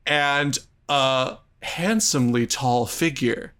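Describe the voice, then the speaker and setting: A man's voice: mid-range voice, takes it slowly, fairly bright tone, slight background noise. A man improvising a comedic story in a playful way, laughing often.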